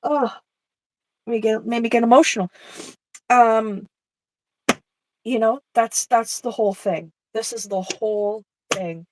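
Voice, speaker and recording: A woman's voice: a little high, a little slow, pauses often, background noise. Heartfelt woman chatting while painting. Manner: emotional, heartfelt, swears casually. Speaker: co-host of an art stream. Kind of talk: casual chat while painting.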